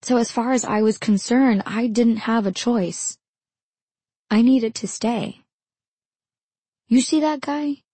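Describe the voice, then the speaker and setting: A woman narrating her own memoir in the first person, in a measured, intimate storytelling manner. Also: a little high, steady tone, mellow, slightly rough, dry recording.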